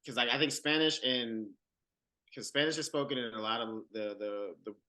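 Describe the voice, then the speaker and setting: A man's voice: medium pitch, fairly even intonation, moderate pace, bright, forceful tone. A man co-hosting a podcast, chatting enthusiastically and rambling with many restarts. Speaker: podcast co-host. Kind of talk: casual chat.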